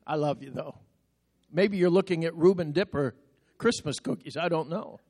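A man's voice: on the high side, normal speed, darkish tone. A middle-aged man preaching a sermon as pastor, telling folksy stories and building to fervent exhortation. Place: church sanctuary. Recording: long reverb of a large sanctuary.

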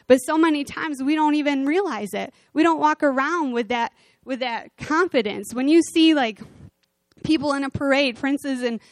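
Animated woman preaching in a dry close sound. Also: high voice, no room sound. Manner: conversational, animated storytelling. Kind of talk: sermon.

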